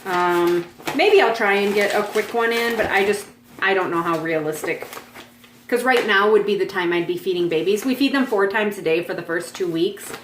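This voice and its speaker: A woman's voice: normal speed, slight background noise. Rambling woman vlogging in an echoey room. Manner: rambling, with many ums and restarts; pitches up sharply when calling her dogs. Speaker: cross-stitch vlogger. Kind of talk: casual chatty vlog. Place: at home, dogs nearby.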